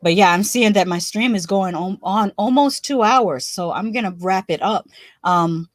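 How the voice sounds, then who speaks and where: A woman's voice: medium pitch, moderate pace, dry recording, studio quality. A woman hosting a casual live stream, chatting loosely, laughing often and restarting her sentences. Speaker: livestream host.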